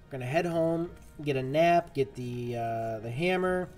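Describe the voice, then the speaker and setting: A man's voice: fairly high pitch, unhurried, darkish tone, faint music behind. A man streaming a game, chatting casually and rambling to his viewers as he plays. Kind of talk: casual gameplay commentary.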